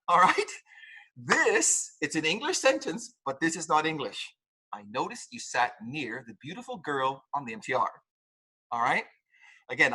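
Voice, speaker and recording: Husky guy teaching a pronunciation class, bright sharp tone, playful and jokey. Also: high voice. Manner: lively, playful, mimics mistakes and laughs often. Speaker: English teacher.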